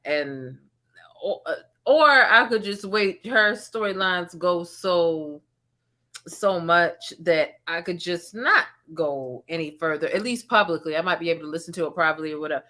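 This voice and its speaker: Low bright-voiced woman, aave, rambling candid stream chat, repeats herself. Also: moderate pace. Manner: candid, conversational, trails off and repeats words. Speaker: commentary channel host. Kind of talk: casual live-stream chat.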